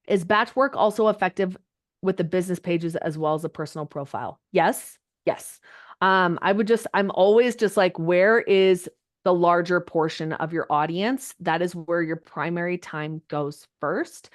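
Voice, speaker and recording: A woman coaching a group live on a video call, chatty and animated, her voice jumping up when she gets excited. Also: on the low side, normal speed. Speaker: social media coach. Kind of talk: live online coaching session.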